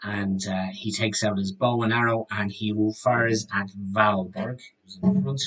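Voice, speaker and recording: A man with a fairly low voice runs a tabletop game for friends. He narrates attacks and explains rules in a loose, chatty way, laughing now and then. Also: fairly even intonation, a little slow, a bit bright, poor audio. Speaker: dungeon master.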